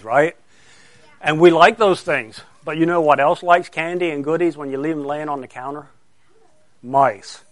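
Here a middle-aged pastor tells children a story during a children's sermon, stopping to question them as he goes. His voice runs a bit high and bright, with no echo.

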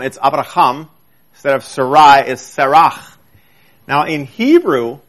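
Higher-voiced preacher giving a sermon. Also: male voice, a bit bright. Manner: reads scripture aloud, then explains it with emphatic swings in pace.

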